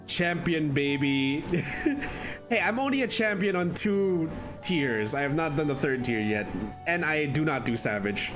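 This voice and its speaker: Animated, chatty male game streamer. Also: on the high side, measured pace. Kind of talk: casual gameplay commentary, reading dialogue aloud. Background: game music.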